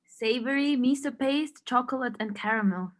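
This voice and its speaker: A woman's voice: on the high side, a little hiss or hum. Woman listing coffee notes. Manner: brisk, lists flavor notes. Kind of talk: live online coffee cupping chat. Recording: echoey room.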